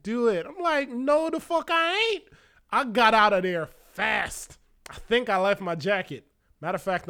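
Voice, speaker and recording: High, bright-voiced man telling a wild story. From Florida. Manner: animated, profane, acts out quoted voices. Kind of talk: casual personal storytelling.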